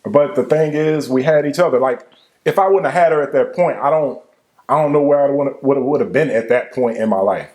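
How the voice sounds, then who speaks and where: A young adult man telling the story of his relationship in casual speech, emotional and halting, with frequent restarts. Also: mid-range voice, darkish tone, reverberant. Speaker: co-host telling a couple's story.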